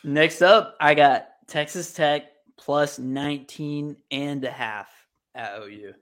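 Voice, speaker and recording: Man, podcast host, brisk and matter-of-fact while reading sports picks. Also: on the high side, fairly bright tone. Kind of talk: casual sports betting chat.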